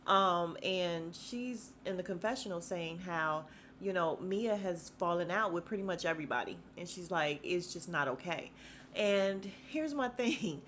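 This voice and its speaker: A woman hosting a podcast, recapping a reality show in a loose, slangy, animated way and breaking into laughter as she acts out the cast's lines. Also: fairly low pitch, a little hiss or hum. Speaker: podcast host.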